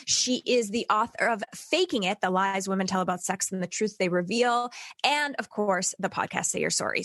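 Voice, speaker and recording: A woman co-hosting a podcast, chatty and animated in casual talk. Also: mid-range voice, no echo, studio quality. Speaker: podcast co-host.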